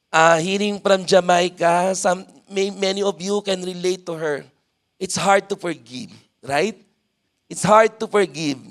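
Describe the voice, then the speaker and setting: A man with a Filipino accent preaching a sermon at a church service, leading the congregation and filling his talk with "amen.". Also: high-pitched. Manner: mixes in Tagalog, leads congregation responses, frequent "amen".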